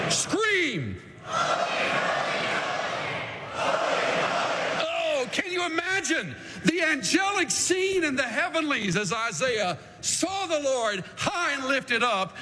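A high-pitched, highly animated male pastor delivering a sermon at an unhurried pace. His voice leaps and drops as he moves from hushed asides to ringing declarations. The sound carries the long reverb of a large hall, with faint music beneath. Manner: dramatic, swings from hushed to shouting.

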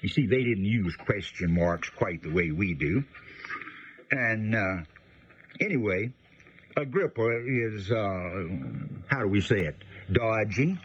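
A man giving a conversational Bible teaching, folksy and unhurried, pausing often with fillers. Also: on the low side, expressive, muffled recording.

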